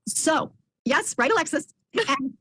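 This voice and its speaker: A woman on a video call, telling stories about her group program with lively, acted-out quotes. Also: high voice, measured pace. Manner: animated storyteller who acts out others' voices. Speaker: program participant.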